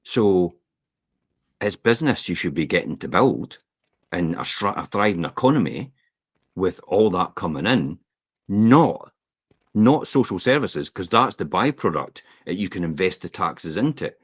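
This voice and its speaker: A Scottish man chatting on a podcast as the host, opinionated and animated, with laughs slipping into his rants. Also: sits low, unhurried, breathy edge, no echo. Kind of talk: casual podcast chat. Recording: dull lo-fi podcast audio.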